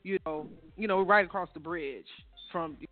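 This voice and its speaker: High-voiced, affirming interview host. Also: male voice, normal speed. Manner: affirming, enthusiastic listener. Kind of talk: interview chat. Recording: tinny phone line, faint music.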